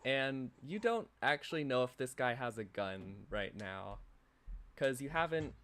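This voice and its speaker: A man narrating a tabletop game as game master, playful and unhurried. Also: medium pitch, expressive, fairly bright tone.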